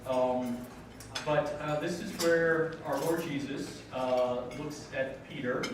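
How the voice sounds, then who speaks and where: A man's voice: a little high, fairly even intonation, takes it slowly, noisy background. Man giving a gala speech in an echoey hall. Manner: casual, with frequent ums and self-deprecating jokes. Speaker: school founding board member. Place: large banquet hall at a dinner gala. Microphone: podium microphone heard from a distance. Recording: very echoey hall, far from the mic, dishes clinking. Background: clatter of cutlery and dishes.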